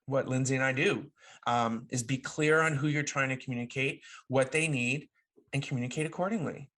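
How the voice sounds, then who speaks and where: A man co-hosts a relaxed conversational podcast, his voice sitting in a middle register. He talks animatedly and playfully, often circling back and restarting a thought as he works it out aloud. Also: medium pitch, fairly quick. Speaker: podcast co-host.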